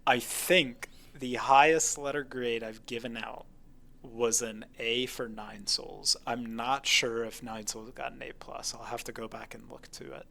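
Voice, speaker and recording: A man's voice: mid-range voice, fairly even intonation, measured pace, gravelly, pushed and bright. A man co-hosting a casual video game podcast, talking with enthusiasm and emphasis. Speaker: podcast co-host. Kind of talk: casual game review chat.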